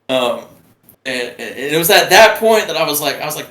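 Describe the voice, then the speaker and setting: A young man, a former submarine sailor, telling his story as a guest in a halting way full of restarts. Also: on the high side, a bit bright. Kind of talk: casual storytelling. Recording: roomy, distant mic.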